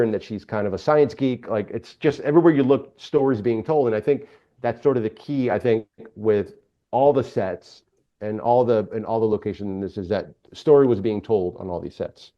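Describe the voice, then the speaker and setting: A man working as a film director, telling behind-the-scenes stories in a relaxed interview, with frequent hesitations. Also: mid-range voice. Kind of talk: casual interview chat. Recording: dull lo-fi sound.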